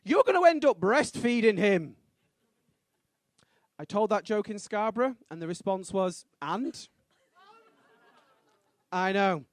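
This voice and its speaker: Young stand-up, high bouncy voice, dry close mic, punchy delivery. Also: male voice, expressive, moderate pace, long pauses, dry recording, some chatter behind. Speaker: stand-up comedian. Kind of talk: stand-up set. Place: comedy club stage.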